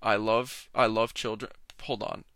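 A man's voice: on the low side, flat delivery, unhurried, a bit bright, dry recording, clean studio sound. A young man hosting a solo podcast, rambling and sarcastic, often interrupting himself. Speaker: podcast host. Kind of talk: casual solo podcast rant.

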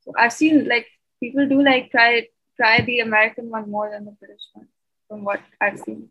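A woman's voice: a little high, level tone, normal speed, husky, muffled recording. A young woman from Pakistan in a casual group discussion, earnest and questioning. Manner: earnest, questioning, many fillers. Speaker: discussion participant.

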